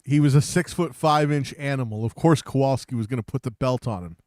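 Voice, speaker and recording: A man's voice: medium pitch, fairly quick, a little mellow, no echo, studio quality. A man co-hosting a casual podcast with profane, mocking banter. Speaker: podcast co-host. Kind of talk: casual chat.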